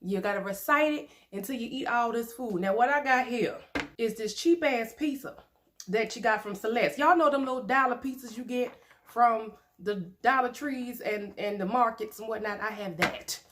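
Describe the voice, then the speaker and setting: A woman's voice: fairly high pitch, moderate pace, fairly bright tone, slight background noise. A woman, chatting playfully and laughing often as she eats on camera for her mukbang vlog. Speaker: mukbang vlogger. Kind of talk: casual chat while eating.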